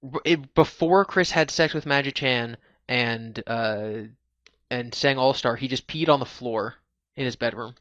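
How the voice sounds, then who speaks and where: A podcast host running a casual live stream talks at an unhurried pace in a medium-pitched, fairly bright voice with no echo. Chatty by nature, he explains things at length, restarting often and using "like" again and again.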